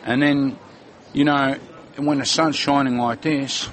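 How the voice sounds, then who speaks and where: A man's voice: mid-range voice, little pitch movement, slow, a bit bright, a little hiss or hum. Market man, chatty about food. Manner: enthusiastic, food-loving, hesitant fillers. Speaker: fruit and vegetable seller. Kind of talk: casual market chat. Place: outdoor market.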